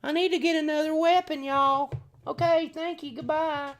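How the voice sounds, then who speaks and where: A man's voice: extremely high pitch, fairly even intonation, normal speed, a bit bright, voice pushed up. A man voicing a boastful four-armed male insect warrior who taunts and shows off. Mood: brash taunting. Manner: brash, taunting, showing off.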